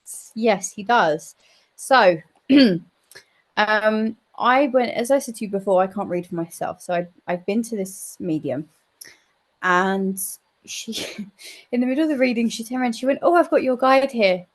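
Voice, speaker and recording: A woman, a psychic medium guest in an interview, telling a story in a chatty, animated way and swearing now and then. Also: medium pitch, measured pace.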